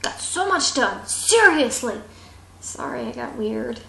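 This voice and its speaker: A young woman telling a casual travel story, animated and acting out the voices of the people in it. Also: a little high, slow, creaky, roomy sound. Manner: animated, acts out quoted voices. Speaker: vlogger.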